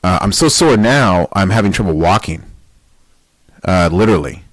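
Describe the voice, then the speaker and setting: A man's voice: sits low, expressive, moderate pace, dry recording, low-quality recording. A man hosting a weightlifting podcast in a casual, motivational monologue. He is emphatic and blunt, swears, and fires off rhetorical questions.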